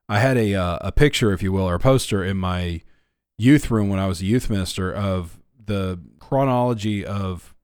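A man with a lowish voice talks through a Bible study on a podcast. He retells scripture scenes in plain, conversational words, with the odd filler. The sound is dry and close. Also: a little mellow, no echo. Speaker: co-host, former youth minister.

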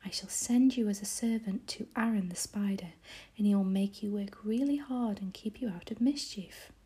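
A woman's voice: medium pitch, moderate pace, dark tone, slightly rough. A woman voicing a stern male chief brownie, scolding, in whispered role-play.

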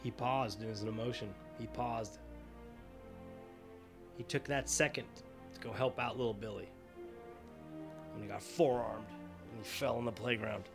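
A man's voice: medium pitch, steady tone, normal speed, pauses often, music in the background. A man hosting a podcast, telling a long digressive comic story full of profanity. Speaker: podcast host.

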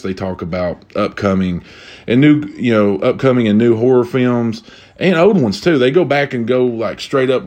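A man's voice: mid-range voice, a little mellow. Young man, solo podcast host, casual rambling chat, slangy, keeps repeating himself, sipping drinks. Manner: loose, rambling, slangy and repetitive; drinking while talking.

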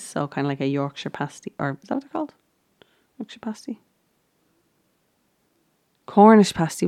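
A woman's voice: sits low, vocal fry, darkish tone, no room sound, clean studio sound. A woman casually recapping a baking show, chatty and giggly, with lots of ums and restarts.

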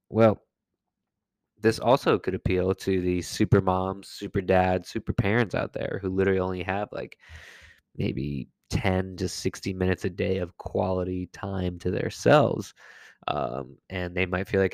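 A man's voice: low-pitched, steady tone, normal speed, clear, resonant tone, no room sound. A man hosting his own health and wellness podcast alone in his apartment, talking casually in a goofy, self-mocking way and laughing often. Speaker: podcast host and health coach. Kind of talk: casual solo podcast monologue.

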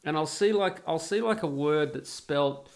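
Gravelly rambling man from Australia. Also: a little high, moderate pace. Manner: rambling, profane, exasperated storytelling; many restarts and repeated phrases. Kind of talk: casual monologue.

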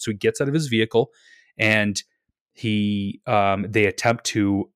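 A man's voice: fairly low pitch, measured pace, clear, resonant tone, no room sound, clean studio sound. A young man co-hosting a podcast, telling the story animatedly with a lot of swearing, hedging and restarting. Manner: animated retelling, swears freely, hedges and restarts. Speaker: podcast co-host. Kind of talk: casual podcast chat.

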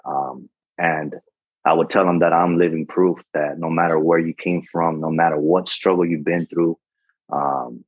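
A man's voice: a bass voice, fairly even intonation, moderate pace, no room sound. A retired Navy chief in his forties, a podcast guest, talking earnestly and encouragingly with plenty of fillers and restarts. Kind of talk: casual interview talk. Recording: dull, muffled podcast audio.

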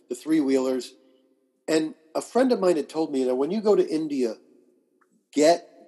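A man with a husky voice that sits a bit high for a man. He talks as an interview guest, spinning lively anecdotes and acting out what people said. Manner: animated anecdotes with acted-out quotes and laughs. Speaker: guest, astrologer and author. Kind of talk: conversational storytelling.

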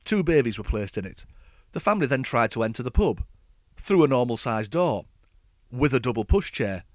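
A man's voice: medium pitch, very animated, normal speed, dry recording. A man hosting a podcast, telling a scripted comic rant in a sardonic, dry way. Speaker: podcast host.

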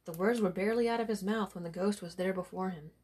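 A woman reading a folk tale aloud with a steady storytelling delivery. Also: mid-range voice, quick pace, slightly rough.

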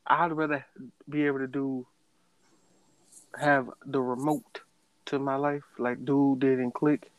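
A man in casual chat, arguing his point in a quick back-and-forth. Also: medium pitch, level tone, dull audio.

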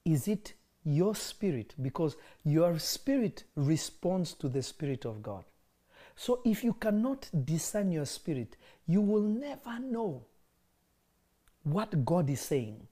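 A woman's voice: fairly low pitch, big pitch swings, slow, mellow. A woman teaching scripture, pressing her listeners with questions and laughing often. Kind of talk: interactive Bible teaching.

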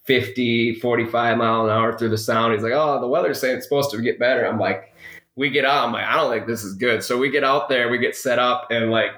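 A man's voice: medium pitch, brisk. Man telling a rambling hunting story. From Minnesota. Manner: rambling, animated anecdote with quoted dialogue. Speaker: podcast guest. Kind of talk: casual storytelling. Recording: roomy echo.

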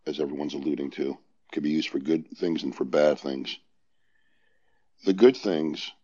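A man with a New York accent explaining his view as a guest on a casual panel discussion, measured and thinking aloud. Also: rumbling low, darkish tone. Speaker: guest on a legal podcast. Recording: dull lo-fi audio.

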